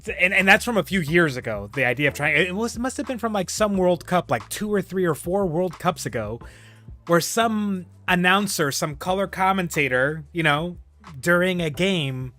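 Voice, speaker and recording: A man giving casual, rambling commentary over his gameplay, laughing often and pausing with fillers. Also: on the high side, lively intonation, bright, forceful tone, soft background music. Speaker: gameplay streamer.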